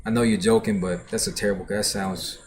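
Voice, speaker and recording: A man's voice: fairly low pitch, fairly even intonation, fairly quick, slight background noise. A man hosting a music reaction livestream, chatting casually and reading viewer comments aloud in a laid-back, profane way.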